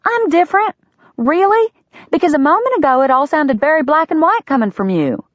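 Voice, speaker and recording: A spirited young frontier woman with a quick-witted, indignant way of arguing, her voice leaping up and down in pitch, as a woman narrator plays her. The recording is dry and somewhat dull. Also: animated, no room sound, close to an everyday voice.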